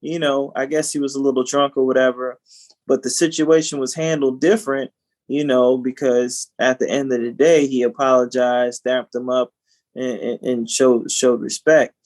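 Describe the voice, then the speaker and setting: A man's voice: medium pitch, level tone, moderate pace, darkish tone. A man co-hosting a podcast in casual chat, rambling with lots of "you know" and repeated words. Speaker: podcast co-host.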